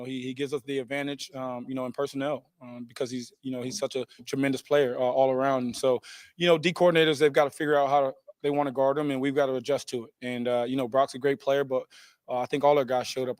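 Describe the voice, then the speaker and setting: A man answering reporters after a game, steady, with many fillers like um and you know. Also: medium pitch, fast, no room sound. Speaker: quarterback at a press conference. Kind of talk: post-game press answers.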